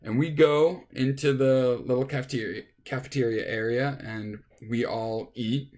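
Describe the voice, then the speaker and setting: A man's voice: medium pitch, steady tone, measured pace, darkish tone. A man, a touring musician, casually telling a rambling anecdote with restarts, acting out what people said. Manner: rambling, with restarts and acted-out quotes. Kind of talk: casual storytelling.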